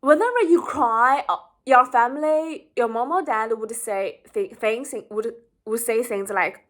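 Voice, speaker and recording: A woman's voice: fairly high pitch, a little slow, a bit bright. A woman giving an informal educational talk, explaining earnestly and often rephrasing herself as she goes. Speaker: psychology explainer.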